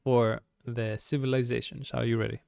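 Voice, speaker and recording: A man casting an esports strategy match, running through draft picks in a chatty, steady way. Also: medium pitch, moderate pace, creaky, clear, resonant tone, no echo, clean studio sound. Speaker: game caster. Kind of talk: esports play-by-play commentary.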